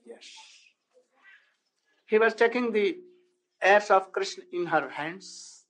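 Slow, high-voiced man telling a devotional story. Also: fairly bright tone, rough recording. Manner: slow, halting, with rhetorical questions. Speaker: spiritual lecturer.

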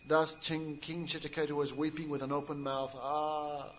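A man's voice: on the high side, completely flat delivery, moderate pace, hardly any pauses, a bit bright, rough recording. A man preaching a sermon, telling a story with dramatic, emotional delivery and acting out the quotes. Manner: laughs at his own jokes.

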